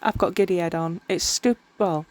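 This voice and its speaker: Tired lady rambling thru a craft vlog, kinda low voice, keeps tripping on her words. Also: steady tone, moderate pace. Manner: rambling, self-mocking, often tripping over words. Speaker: miniature crafter. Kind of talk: casual crafting vlog narration.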